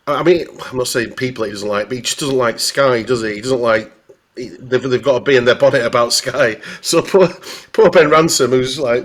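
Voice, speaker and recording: A man with a Northern English accent, a football journalist chatting casually on a podcast, rambling with many restarts. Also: medium pitch. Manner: rambling, full of restarts and "you know".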